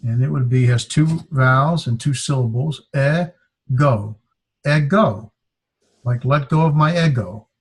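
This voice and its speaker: Slow and halting, a male Greek teacher leads a class, pausing frequently to pronounce words syllable by syllable. His voice is somewhat husky and sits at an ordinary middle pitch.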